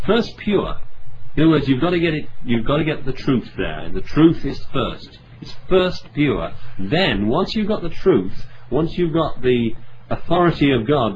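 A male preacher works through scripture, stressing key words and circling back to repeat his points. His voice sits at an ordinary middle pitch. The recording is a little dull, with a faint hiss underneath. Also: a little mellow. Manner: earnest, emphatic scripture reading with many asides. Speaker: pastor. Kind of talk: sermon. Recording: slightly dull sound with faint background noise.

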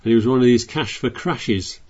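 A man's voice: mid-range voice, brisk, darkish tone, highs cut off. A man preaching a sermon, reading scripture aloud and explaining it in a chatty way with frequent restarts.

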